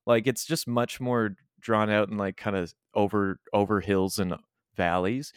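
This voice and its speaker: A young man chatting casually as podcast co-host, animated and rambling, laughing often. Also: fairly low pitch, unhurried, clear, resonant tone, no room sound, clean studio sound. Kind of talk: casual chat.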